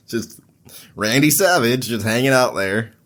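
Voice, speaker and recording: A man's voice: mid-range voice, lively intonation, takes it slowly, fairly bright tone. A man hosting a casual wrestling recap podcast, laid-back and profane, laughing at his own slips. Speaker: podcast host.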